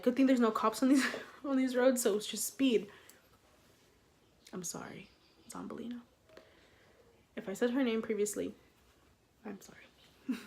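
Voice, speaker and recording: A young woman in a casual storytime vlog, animated and swearing, acting out what people said. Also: a little high. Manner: animated, swearing, acts out quotes with laughs. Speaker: vlogger.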